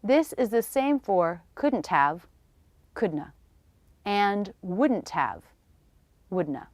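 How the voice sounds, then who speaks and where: Slow, lively-voiced American woman teaching pronunciation. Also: medium pitch, no echo. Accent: General American. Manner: slow, over-articulated demonstration of sounds. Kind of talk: scripted pronunciation lesson.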